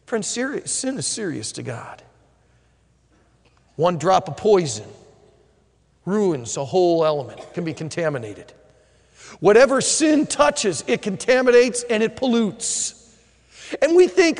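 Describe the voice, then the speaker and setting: A man preaching a sermon as a pastor, animated, dropping to a quiet voice for emphasis. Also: sits high, normal speed, long reverb tail.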